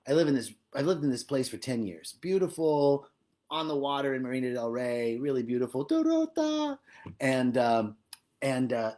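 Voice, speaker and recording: A man giving a live-streamed spiritual talk, animated and emphatic, often laughing as he speaks. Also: mid-range voice. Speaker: spiritual teacher.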